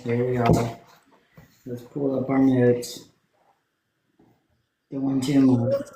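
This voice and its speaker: A man's voice: medium pitch, flat delivery, slow pace, long pauses. A man co-hosting a casual chat show, rambling and repeating himself as if worn out. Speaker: podcast co-host. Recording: very echoey room with faint noise.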